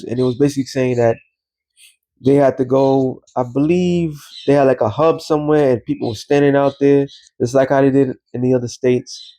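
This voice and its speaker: A man's voice: mid-range voice, mellow. Rambling man. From New York. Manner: rambling, loose, streetwise talk. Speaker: religious commentator. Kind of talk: casual commentary vlog.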